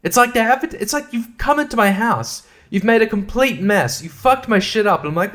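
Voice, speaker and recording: Aussie guy in his 30s swearing through a rant, kinda high voice, keeps laughing at himself. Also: animated, fairly quick, few pauses, a bit bright. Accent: Australian. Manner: profane, exasperated ranting with laughs. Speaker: podcast host. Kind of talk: solo ranting podcast.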